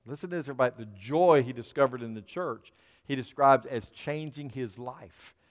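A man preaching a sermon as pastor to his congregation, building into fervent emphasis. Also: medium pitch. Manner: preaching to a congregation, rising into fervor. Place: church sanctuary. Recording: long reverb of a large hall.

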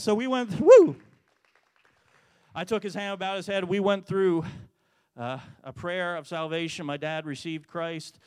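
A man's voice: high-pitched, clear, resonant tone, no room sound. Earnest man telling a church testimony. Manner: earnest storytelling, grows animated and loud when excited. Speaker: church speaker giving testimony. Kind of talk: testimony sermon.

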